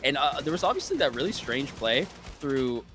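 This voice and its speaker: Bright-voiced stammering male esports caster. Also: mid-range voice, big pitch swings, moderate pace, faint music behind. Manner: stammering, repeats words at the start of sentences. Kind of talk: live esports commentary.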